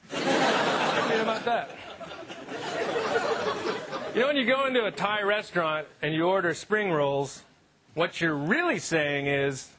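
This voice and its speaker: A man doing a stand-up set on TV, deadpan, jumping into silly voices for the people he quotes. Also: sits high, slow pace, long pauses, a faint crowd, slight background noise. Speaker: stand-up comedian. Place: TV studio stage. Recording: loud audience laughter, TV studio.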